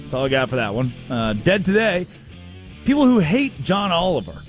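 Animated, joking radio host man. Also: a little high, moderate pace, faint music behind. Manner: storytelling, mimics people in quotes, animated. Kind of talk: comedic sports talk.

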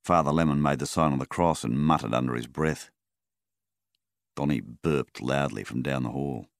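A man narrating an audiobook in a measured, plain way. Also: a bass voice, vocal fry, no room sound, studio quality. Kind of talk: scripted narration.

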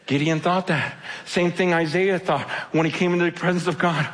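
Male preacher, high voice, urgent, emotional, stumbling repeats as he presses his point. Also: fairly even intonation, moderate pace. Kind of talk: impassioned sermon. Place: conference hall.

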